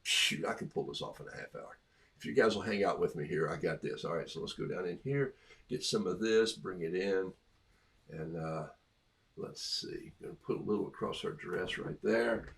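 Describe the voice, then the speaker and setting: A man's voice: low voice, normal speed, creaky, fairly bright tone. A middle-aged man painting live for viewers, talking casually through each stroke, amused by his own jokes, with a cough today. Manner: chatty, self-amused, talks through each brushstroke. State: has a cough. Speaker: artist painting on a livestream.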